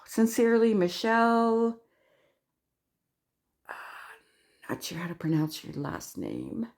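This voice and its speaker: A woman from Canada talking casually as a crochet vlogger, gushing and excitable as she opens mail. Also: a little high, slow, pauses often. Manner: gushing, excitable, frequent squeals and laughs. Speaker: crochet YouTuber. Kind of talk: casual unboxing vlog.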